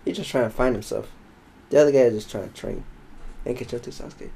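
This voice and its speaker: A young let's play host rambles and jokes with viewers over gameplay, calling them folks. His mid-range voice is fast, mellow, and slightly rough with vocal fry, and the audio quality is poor.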